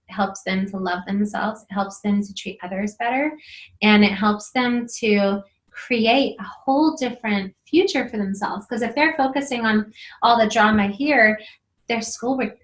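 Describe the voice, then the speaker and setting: Talking straight to camera for her marriage video series, this middle-aged host sounds earnest and encouraging, leaning on many fillers in a casual way. Her mid-range voice is slightly bright, though the audio quality is poor.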